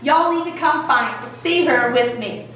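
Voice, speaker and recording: A woman's voice: high-pitched, a little slow, fairly bright tone. A woman voicing an eager, headstrong young man announcing his bride. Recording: echoey church room from far off.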